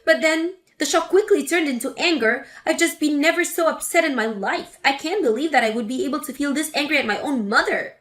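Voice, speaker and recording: A woman's voice: high voice, brisk, hardly any pauses. A woman voicing an indignant adult daughter confronting her mother in a dramatic story reading. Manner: indignant, forceful.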